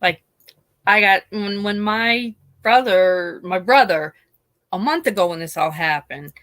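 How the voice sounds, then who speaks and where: A woman's voice: mid-range voice, unhurried, dry recording. Chatty woman with a dry close sound. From Scranton, Pennsylvania. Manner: rambling, animated storytelling with restarts. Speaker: YouTuber. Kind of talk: casual chat.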